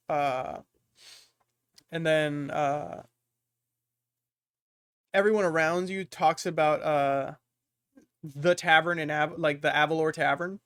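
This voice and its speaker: A man narrates a tabletop game as game master. He describes each scene haltingly and fills the pauses with frequent fillers. His voice sits slightly high and is recorded dry and close. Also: a bit bright, clean tone, no room sound.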